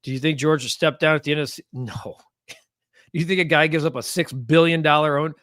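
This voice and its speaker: Man, sports stream host, heated ranting, higher voice, dry close sound. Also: fairly quick, dry recording. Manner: animated, gets heated and rants. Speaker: sports show host reading live comments. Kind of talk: casual live-stream sports talk.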